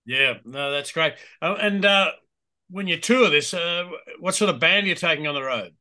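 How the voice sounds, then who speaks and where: A man's voice: fairly high pitch, expressive, moderate pace, sharp tone. A man hosting a music interview, eager and hesitant with frequent ums. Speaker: interviewer host. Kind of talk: casual interview chat.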